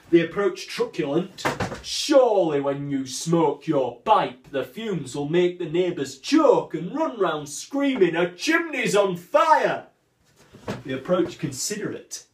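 A man performs a boastful, quick-witted swordsman who mocks his rival in grand theatrical verse. The voice sits fairly high and leaps all over, and the lines come slow and deliberate. It sounds set back from the mic in a roomy, echoing space. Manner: declamatory, mocking, sweeping swings of voice. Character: proud witty swordsman mocking a rival, man. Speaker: stage actor performing a monologue. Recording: roomy echo, distant from the mic.

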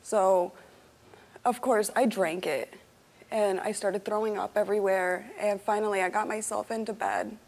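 A young woman answering a host's questions as a talk show guest, speaking haltingly and emotionally with restarts. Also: mid-range voice, fairly even intonation, vocal fry, a little mellow. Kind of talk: studio interview answers.

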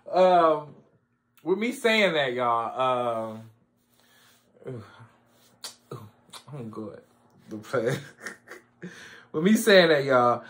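A man hosting his own music reaction video, chatting casually and excitedly, repeating phrases and laughing often. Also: on the high side. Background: music playing.

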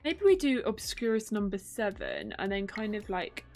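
A woman's voice: mid-range voice, wildly swooping pitch, moderate pace, darkish tone. A young woman chatting casually as she plays a game, musing aloud and thinking through her choices. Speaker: gaming YouTuber. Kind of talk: casual gameplay commentary. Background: faint game music.

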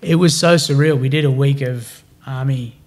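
Australian man in his thirties, podcast guest, lively storyteller who plays out the dialogue, mid-pitched voice. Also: moderate pace. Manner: animated, slangy, acts out quoted dialogue. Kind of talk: casual storytelling.

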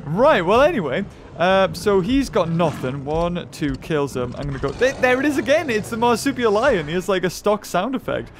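A man commenting on a mobile game as he plays, thinking aloud and breaking into excited shouts. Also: high-pitched, normal speed, a little hiss or hum. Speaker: gaming YouTuber.

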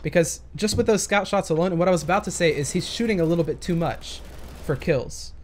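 A man's voice: fairly high pitch, brisk, a little mellow, slight background noise. A young man casually commenting on gameplay footage, thinking aloud and hesitating with many fillers. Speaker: gaming commentator.

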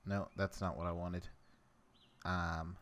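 A man's voice: low voice, little pitch movement, takes it slowly, heavy background noise. A young man giving casual let's play commentary, rambling and muttering to himself as he works through a game's crafting menu. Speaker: gameplay commentator.

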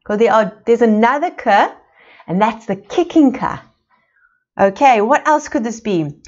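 A woman's voice: a little high, animated, a little slow, darkish tone. A woman from South Africa, a preschool teacher leading a children's lesson from a picture book, coaxing and exaggerated for small children. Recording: dull lo-fi video sound.

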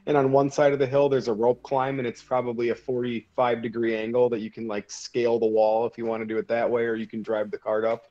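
A man's voice: mid-range voice, little pitch movement, fast, hardly any pauses, warm tone. A Minnesotan man co-hosting a podcast, chatting casually in an easygoing way and laughing often. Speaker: podcast co-host. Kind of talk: casual chat. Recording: slightly dull, music behind.

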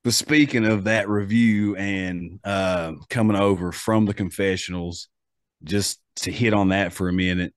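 A man's voice: low-pitched, steady tone, unhurried, dry recording, studio quality. A man with an Appalachian accent hosting a podcast in casual, rambling chat full of fillers and restarts. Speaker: podcast host.

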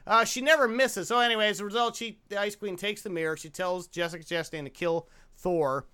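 A man's voice: sits high, fairly even intonation, fairly quick, a bit bright, smooth. A man hosting a casual comedy podcast, reviewing a movie with jokey, teasing asides and frequent laughter. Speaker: podcast host. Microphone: podcast microphone.

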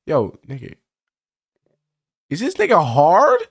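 A man's voice: fairly high pitch, wildly swooping pitch, takes it slowly, slightly rough. A man streaming his reaction to a roast clip, casually joking, laughing and repeating phrases in slang.

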